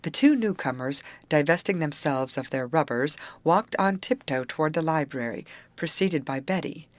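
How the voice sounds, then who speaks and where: Low-voiced woman reading an audiobook. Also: animated, moderate pace, dry recording. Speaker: audiobook narrator. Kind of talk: scripted narration.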